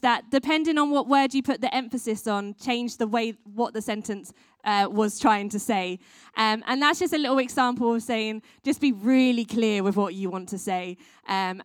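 A woman's voice: fairly high pitch, no room sound, clean studio sound. A woman who works with children, giving a casual training talk to church volunteers, with lots of ums and restarts. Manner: chatty, many ums, restarts. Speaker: children's worker.

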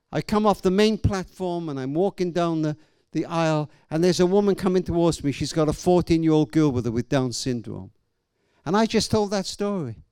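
A man's voice: on the high side, a little mellow, clear, resonant tone, dry recording, studio quality. A man preaching a sermon, telling a story emphatically and dramatically, often restarting his sentences.

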